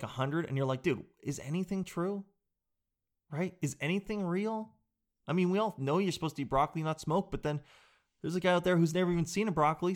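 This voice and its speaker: A young man hosting a casual comic monologue, riffing with disbelief and slipping into quick mock voices of the people he talks about. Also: on the high side. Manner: riffing, incredulous, drops into mock quotes. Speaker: host.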